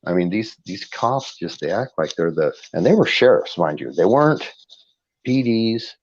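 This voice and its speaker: A man's voice: lowish voice, very animated, normal speed, breathy edge, no room sound, muffled recording. A man telling a long story in a blunt, rambling way, repeating "I go" over and over as he retells it. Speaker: host of a live chat stream. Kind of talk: casual storytelling.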